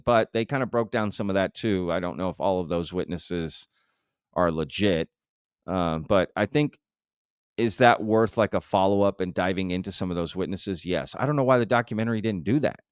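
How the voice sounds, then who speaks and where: A man's voice: low-pitched, clean tone, dry recording, clean studio sound. A man hosting a live stream, chatting casually and loosely with lots of fillers. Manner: loose and conversational, full of fillers. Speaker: show host. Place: home live-stream setup.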